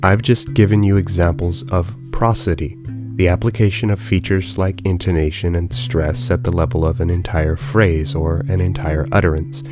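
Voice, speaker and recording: A man narrating a language lesson in a calm, measured, explanatory way. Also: deep voice. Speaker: language teacher. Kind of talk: scripted educational narration. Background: guitar music.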